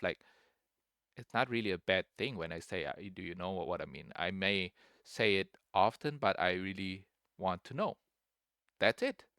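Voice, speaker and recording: A man's voice: lowish voice, bright, forceful tone, smooth, no echo, studio quality. A man giving casual reaction commentary as a streamer, rambling and repeating himself, full of "like" and "bro".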